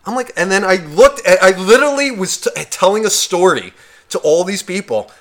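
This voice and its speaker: Male podcast co-host, bright ringing tone, loose profane storyteller. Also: high voice, a little fast. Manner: rambling, heavy swearing, animated retelling.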